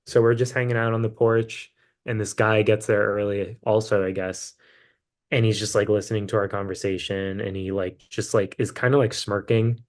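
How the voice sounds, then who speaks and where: A man's voice: fairly low pitch, level tone, normal speed. A man appearing as a podcast guest who tells a road story in a casual, rambling way, full of fillers. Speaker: musician guest.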